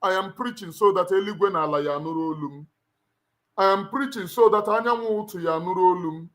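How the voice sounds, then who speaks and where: Speaking fast with a fairly bright tone and a voice somewhat high for a man, a middle-aged livestream host with a Nigerian accent addresses his viewers in a fervent, sermon-like style. He's emphatic, repeating phrases like a preacher and pressing each point home.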